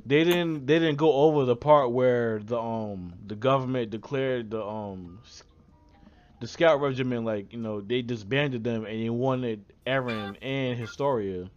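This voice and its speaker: A man's voice: medium pitch, a little slow, highs cut off, soft background music. A man co-hosting a casual podcast about anime, laughing often and acting out the characters he quotes. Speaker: podcast co-host.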